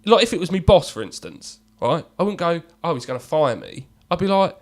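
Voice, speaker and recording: Young male co-host; lively, blunt, sweary delivery. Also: fairly high pitch, fairly quick. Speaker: podcast co-host. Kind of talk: casual chat.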